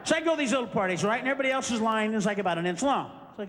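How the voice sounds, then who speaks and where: This live club set features a male comedian who rants, screams, and acts out scenes for the audience. His high voice is expressive and racing, trailing a long reverb tail over loud crowd noise.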